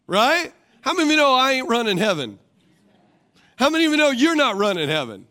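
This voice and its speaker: A man's voice: very high voice, sing-song, brisk, sharp tone. A male pastor preaching a sermon. He repeats his questions and keeps asking the congregation for responses. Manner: rhetorical, calls for congregation responses.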